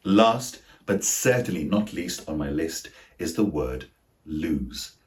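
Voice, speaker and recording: A man teaching English pronunciation in a scripted lesson, slowly and deliberately sounding out each example word. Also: deep voice, lively intonation. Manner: slow, deliberate, over-articulated example words.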